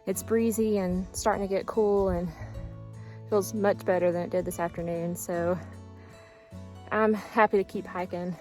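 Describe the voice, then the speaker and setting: A woman's voice: medium pitch, steady tone, a little slow, darkish tone, soft background music, rough recording. A woman chatting casually in a trail vlog, upbeat and full of fillers, recorded outdoors on a phone. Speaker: thru-hiker vlogger.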